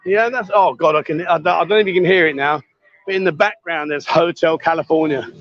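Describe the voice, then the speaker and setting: A man with a high voice rambles cheerfully while walking through an outdoor market, joking and greeting passers-by. His sound comes through a phone mic and is a little dull and lo-fi. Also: fast, no room sound. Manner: chatty, jokey, greets people loudly on the street. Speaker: livestream host. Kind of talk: casual walkabout livestream. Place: outdoor street market at night.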